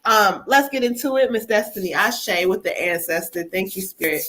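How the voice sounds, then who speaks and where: Chatty bright-voiced woman giving readings. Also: medium pitch, lively intonation, normal speed. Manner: chatty, laughs often, relays spirit messages. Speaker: psychic reader hosting a live stream. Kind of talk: live tarot reading.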